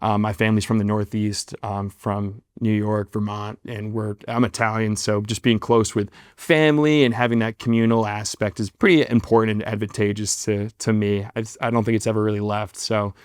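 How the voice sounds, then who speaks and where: A man's voice: lowish voice, steady tone, moderate pace, few pauses, clean tone, dry recording, clean studio sound. A man in his twenties, a guest actor, telling a long story in a casual interview, rambling and self-deprecating with many fillers and restarts.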